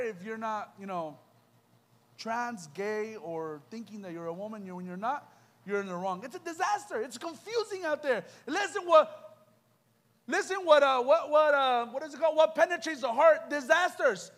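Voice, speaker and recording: A young adult man with a very high-pitched, fairly bright voice delivers a passionate youth sermon at a church youth event. As a youth preacher, he fires rhetorical questions at the crowd.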